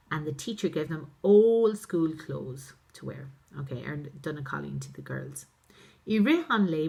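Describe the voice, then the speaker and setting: A woman's voice: sits low, fairly bright tone. A woman, a primary school teacher reading a story aloud and explaining each phrase in plain terms. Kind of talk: reading and translating a story for pupils.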